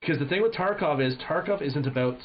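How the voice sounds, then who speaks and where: A man streaming live, telling a gaming story in casual chat with animated, profane energy. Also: a little high, fairly quick, a little hiss or hum. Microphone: headset. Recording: dull lo-fi stream audio.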